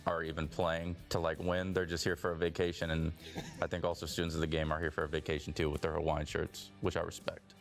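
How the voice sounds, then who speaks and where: Man, deep low voice, pro player, joking and candid, faint music behind. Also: completely flat delivery, fast talker, vocal fry. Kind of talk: interview answers.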